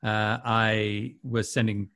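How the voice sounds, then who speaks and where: A man's voice: lowish voice, takes it slowly, clean tone. A man in casual conversation as a radio host, telling anecdotes with lots of laughter. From Canada. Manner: animated storyteller, laughs often. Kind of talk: casual chat.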